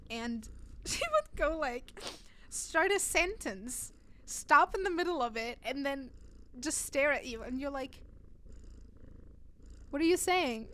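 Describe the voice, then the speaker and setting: A woman with a high voice talks with her stream viewers at an unhurried pace, laughing a lot as she tells animated, giggly stories. In the background, a cat purrs faintly.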